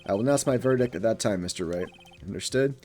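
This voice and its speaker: A man's voice: on the low side, mellow, pitched below the performer's own voice, natural voice. A man doing a stern old judge. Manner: formal, measured. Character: stern older male judge.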